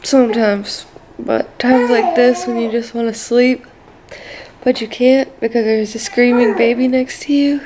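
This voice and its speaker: Young woman, high-pitched, slow unhurried talk, tired cooing mom, bedroom home vlog, close camera mic. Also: steady tone, heavy background noise. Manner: soft, tired, cooing at a fussy baby. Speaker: vlogger and mother. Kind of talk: casual home vlog talking to a baby. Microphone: phone or camera close by.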